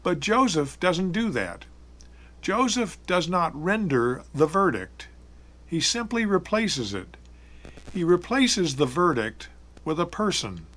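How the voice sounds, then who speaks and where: A middle-aged man preaching a sermon, telling the story in a measured, reflective way with emphatic repetition. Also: sits high, very animated, a bit bright.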